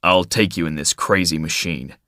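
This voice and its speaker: A man voicing a brusque, jealous wealthy man in an audiobook, curt and forceful. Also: sits low, normal speed, no echo, studio quality, voice pushed down. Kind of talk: audiobook character voice.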